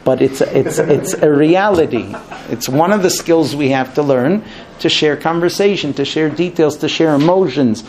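Animated man teaching a marriage class. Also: on the high side, normal speed, slight background noise. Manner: animated, acts out both sides of dialogues. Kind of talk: lecture to a class.

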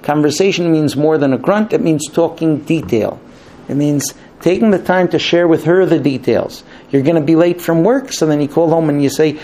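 A man with a somewhat high voice lectures a room on marriage and talking. He acts out both partners in short exchanges, switching voices as he goes. A faint hum of noise sits under the recording. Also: normal speed. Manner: animated, acts out both sides of dialogues. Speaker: marriage class teacher. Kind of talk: lecture to a class.

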